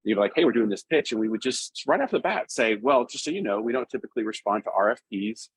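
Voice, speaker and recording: A man hosting a casual group discussion, relaxed and halting at times, reading comments aloud. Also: medium pitch, husky, dry recording, low-quality recording.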